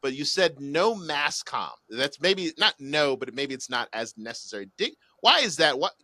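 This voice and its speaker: Man, podcast co-host, joking animated chat, bright forceful voice, dry close mic. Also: on the high side, normal speed, no echo.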